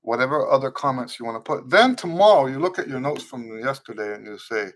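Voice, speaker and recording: A man's voice: medium pitch, lively intonation, a little fast, few pauses. A man teaching trumpet in an unscripted live-stream Q&A, earnest and instructive, repeating key phrases for emphasis and greeting viewers as they comment. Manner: reads viewer comments aloud and greets them.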